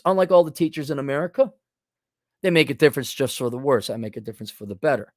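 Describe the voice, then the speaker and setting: A man's voice: mid-range voice, fast, dry recording, clean studio sound. A middle-aged man hosting a livestream, reading super chats in a blunt, sarcastic, mocking way. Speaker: host.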